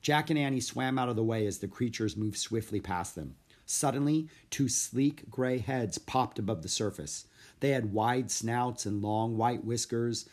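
A man reading a children's storybook aloud in an expressive, lively narration. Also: mid-range voice, unhurried. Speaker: audiobook narrator.

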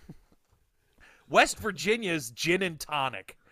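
Speaking slowly in a slightly high voice, a young Connecticut man runs a relaxed podcast conversation full of laughter, swearing, and lively quizzes for his co-hosts. The recording is dry with a clean studio sound.

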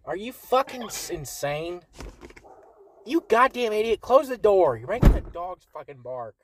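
A man's voice: high voice, very animated, unhurried, a little hiss or hum. Profane sarcastic man with a clogged nose. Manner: profane, sarcastic, mock voices. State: clogged sinus. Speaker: podcast co-host. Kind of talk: crude casual banter.

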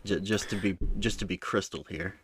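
A young man ribbing his co-host on a casual podcast. His voice sits a little low. He teases in a dry, deadpan way. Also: fairly quick, background noise. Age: young adult. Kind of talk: casual comedic chat.

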